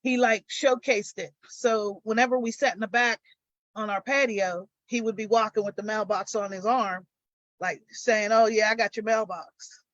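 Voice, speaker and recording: An older woman, a guest on a live stream, recounting her own story and getting animated as she retells arguments. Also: mid-range voice, normal speed, no room sound, dull audio.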